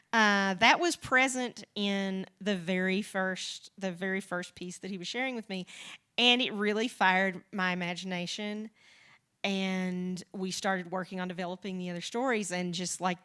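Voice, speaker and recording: A woman's voice: medium pitch, a bit bright, smooth. A woman from the Southern United States, a podcast co-creator, talking as an interview guest in a rambling, chatty way, with frequent restarts and light laughs. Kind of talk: casual conversational interview.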